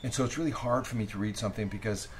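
Middle-aged man, low-pitched voice, animated storyteller, faint hiss behind him. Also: very fast, low-quality recording. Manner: animated storyteller who acts out little scenes. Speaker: author interviewed about his books. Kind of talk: casual interview talk. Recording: faint ambient noise.

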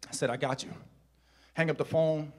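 High-voiced pastor, hushed to shouting. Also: male voice, fairly even intonation, normal speed. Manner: storytelling, swings from hushed to shouted preaching. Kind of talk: sermon. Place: church.

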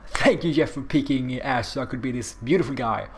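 A man giving casual gameplay commentary, excitable and profane, rambling between moments of the match. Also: mid-range voice, brisk, noisy background. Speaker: gamer.

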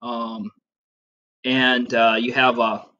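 A man's voice: mid-range voice, flat delivery, slow, pushed and bright, dull audio. A middle-aged man teaching a casual classroom lesson over slides, chatty and rambling with lots of fillers and asides.

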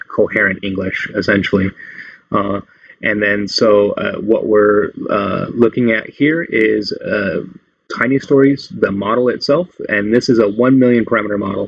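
A man's voice: fairly low pitch, vocal fry, slightly rough, no room sound. A man hosting a casual tech tutorial, explaining things in a loose, meandering way. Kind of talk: casual screen-recorded tutorial. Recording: dull lo-fi dry sound.

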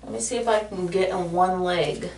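A woman's voice: on the low side, fairly even intonation, normal speed, creaky, darkish tone, recorded from a distance, a little hiss or hum. A woman talking to her viewers in a casual vlog from her bathroom, emotional and heartfelt. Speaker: vlogger. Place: home bathroom. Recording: echoey room, voice a bit off-mic.

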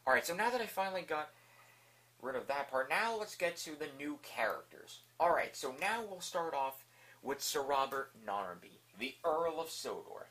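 A man's voice: fairly high pitch, sing-song, moderate pace, a bit bright. A man giving a casual spoken review, enthusiastic and rambling, with lots of fillers. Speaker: video reviewer.

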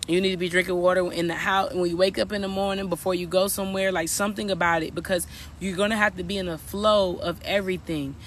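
A man's voice: sits high, flat delivery, fast talker, fairly bright tone, slight background noise. A man working as a spiritual coach, giving a casual, preachy reading to viewers and repeating his points. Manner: preachy, repetitive, addresses viewers as y'all.

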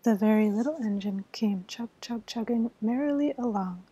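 A woman reads a children's bedtime story in a soft, soothing whispered role-play. Her whisper is very breathy, mellow and sits a little high. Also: moderate pace, rough recording.

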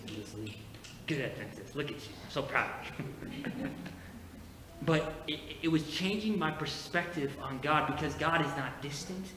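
Male pastor, fairly high voice, sermon in a reverberant church hall; personal storytelling building to emphatic preaching. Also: lively intonation, a little slow, fairly bright tone. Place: church sanctuary. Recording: echoey church hall with faint noise.

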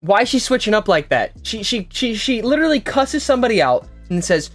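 A reaction video host, loudly exclaiming and mocking the clips with blunt opinions. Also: female voice, fairly high pitch, big pitch swings, quick pace, few pauses, dry recording, faint music behind. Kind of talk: reaction commentary.

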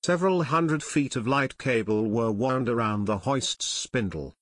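Reading a novel in a calm, unhurried storyteller's rhythm, the male audiobook narrator keeps his voice mid-pitched. Nothing echoes here; the capture is tight and dry with no sense of the room.

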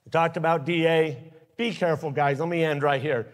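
At an aviation safety forum held in an airport hangar, a man speaks live to pilots, earnest and openly emotional, delivering blunt warnings. His slightly high voice has fairly even intonation and a slightly fast pace. The large hall adds long reverb to the recording.

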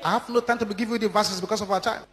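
A man preaching a sermon, emphatic and repetitive, with sharp rises and drops in his delivery. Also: high-pitched, steady tone, very fast. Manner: emphatic, repeating lines with strong rises and drops. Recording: long hall reverb.

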